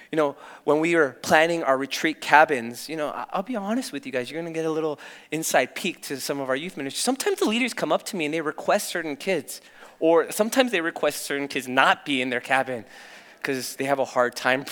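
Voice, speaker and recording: A young man preaches with a bright, forceful edge, telling personal stories in a candid and animated way. His voice sits a little high for a man. A long reverb trails each phrase, as from a big church hall. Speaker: youth pastor. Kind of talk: sermon.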